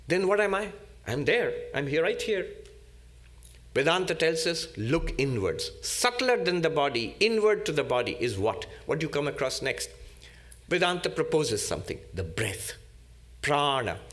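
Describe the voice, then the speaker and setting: A man speaking as a monk in a spiritual lecture, his voice sitting a little higher than most men's. He teaches deliberately and patiently, returning again and again to the same key terms. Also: fairly bright tone. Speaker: monk giving a spiritual talk.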